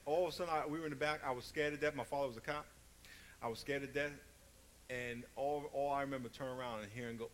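A man's voice: medium pitch, fairly even intonation, fast talker, fairly bright tone, slight background noise. A man preaching a sermon, telling stories and hammering points through emphatic repetition. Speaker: pastor.

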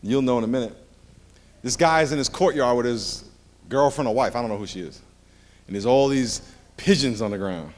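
A man's voice: mid-range voice, moderate pace, long pauses. A middle-aged man preaching a sermon as pastor, a playful storyteller who jokes with the congregation.

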